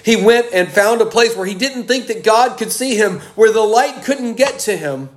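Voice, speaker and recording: A man preaching a sermon, slow and emphatic, with dramatic pauses. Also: high-pitched, lively intonation.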